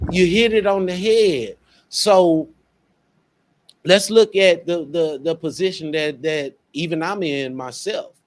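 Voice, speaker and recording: A man's voice: a little high, takes it slowly, long pauses. A young man, hosting a casual radio show in an earnest way, often repeating words as he talks.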